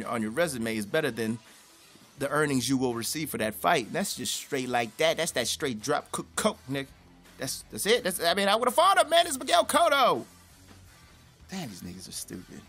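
A young man does casual, profane commentary as a boxing YouTuber, his voice a bit bright. He rambles in slang and breaks into sudden high-pitched outbursts.

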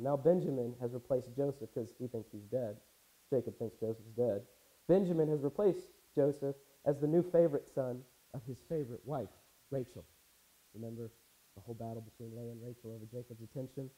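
A man's voice: medium pitch, mellow, low-quality recording. A man preaching a casual sermon, reading scripture aloud and adding wry, conversational asides. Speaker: pastor. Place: church.

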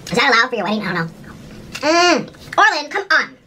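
A woman's voice: high voice, sing-song, a little fast, bright, forceful tone, slight background noise, rough recording. A woman doing a casual mukbang, chatting at home while she eats, often humming and saying "ooh" between bites. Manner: chatty, talks while eating, little hums and ooh sounds. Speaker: vlogger.

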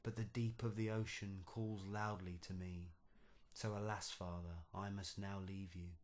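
A man's voice: sits low, little pitch movement, unhurried, darkish tone. A man voicing a young shape-shifting sea nixie woman, speaking tender and sorrowful in a storybook verse reading. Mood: tender, sad.

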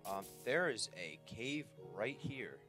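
A man giving casual, excitable let's-play commentary, chatting to the creatures he meets and yelping when they rush him. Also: mid-range voice, takes it slowly. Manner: excitable, talks to the creatures on screen, yelps in panic. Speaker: gameplay commentator. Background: game music.

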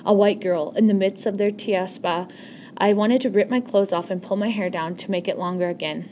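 A woman's voice: mid-range voice, fairly even intonation, moderate pace, mellow, slight background noise. A woman reading a first-person novel aloud in an earnest voice, often stumbling and correcting herself. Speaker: audiobook reader.

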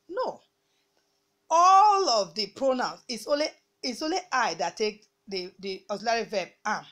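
A slightly high-pitched woman from Nigeria gives a grammar lesson to students. She speaks deliberately, repeats each rule, and slows right down when she dictates example sentences. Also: big pitch swings, fairly bright tone. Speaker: English teacher.

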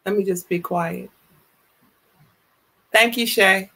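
A woman in her fifties hosting a casual live stream, greeting viewers with exuberant shouts and drawn-out, playful calls. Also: mid-range voice, fairly even intonation, gravelly. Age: 50s. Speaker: livestream host.

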